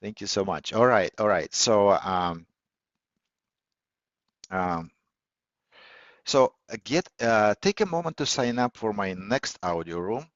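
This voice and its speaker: A man hosting a live online audio session, teaching in a measured way with many fillers and restarts. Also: on the low side, expressive, no echo. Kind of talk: teaching talk on listening skills. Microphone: computer or phone mic on a call. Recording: dull, lo-fi audio call, dry.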